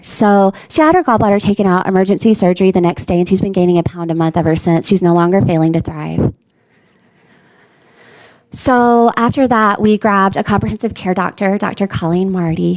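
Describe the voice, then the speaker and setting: A woman's voice: mid-range voice, mellow, no echo, low-quality recording. A woman speaking as a parent on a conference panel, telling a personal story with emphatic, insistent repetition.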